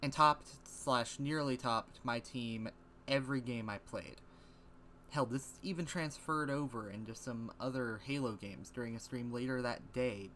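A man's voice: mid-range voice, unhurried, bright, forceful tone, a little hiss or hum. A man giving a casual voice-over intro to his gaming video, chatty and offhand, tossing in asides. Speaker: video creator.

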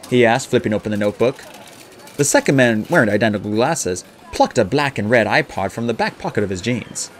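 A man narrating an audiobook with expressive storytelling. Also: on the low side, fairly quick. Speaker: audiobook reader.

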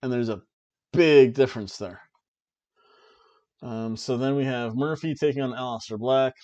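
A man co-hosting a podcast, casually recapping a wrestling show in an excited play-by-play way with jokey asides. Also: mid-range voice, moderate pace, dull audio. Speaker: podcast co-host.

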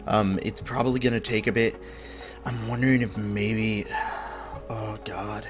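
A man's voice: lowish voice, level tone, measured pace, music in the background. A man hosting a gaming video, chatting casually and rambling upbeat, with the odd swear. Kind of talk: casual gameplay commentary.

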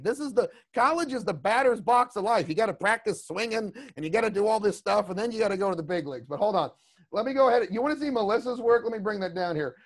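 A man teaching a creature design class over a video call, chatty and rambling with lots of asides. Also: sits high. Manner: rambling, chatty, lots of "you know what I mean". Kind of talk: casual online class talk.

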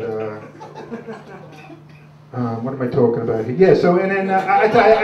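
This is a gruff man in his 60s working a club stage with crude, rambling stand-up and plenty of "uh"s. He speaks at medium pitch, and there's a little hiss or hum. The audio is distant, roomy, and dull.

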